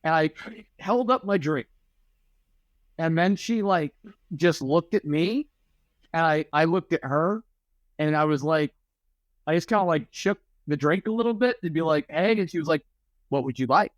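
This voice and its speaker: A man's voice: on the high side, moderate pace, pauses often, no echo. A young man co-hosting a podcast in casual chat, riffing playfully and acting out imagined conversations. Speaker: podcast co-host.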